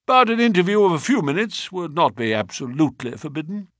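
A man reading an audiobook, voicing a brisk male surgeon who gives a clipped medical report in a raised voice. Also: fairly high pitch, sing-song, no room sound, clean studio sound, voice pushed up.

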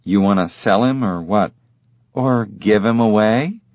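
An easygoing young male shop clerk, chatty and friendly, voiced by a male narrator. The voice is lowish and unhurried, recorded close and dry. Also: a little mellow, no echo.

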